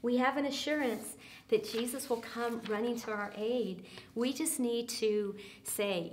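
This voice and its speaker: A woman leading a church small group, speaking earnestly with many fillers and often dropping soft and quiet for emphasis. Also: on the high side, measured pace.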